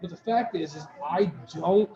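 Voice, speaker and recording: Recorded in a brewery taproom full of crowd chatter, the sound is echoey and dull as this male co-host rambles through a lengthy story for a podcast. His voice sits high, his pace is normal, and he keeps restarting and quoting other people in casual conversation.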